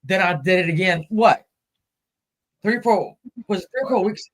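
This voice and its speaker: A man's voice: high voice, animated, moderate pace. A man hosting a casual live stream, chatting and greeting viewers by name as he goes. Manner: chatty, greets viewers mid-sentence, laughs easily.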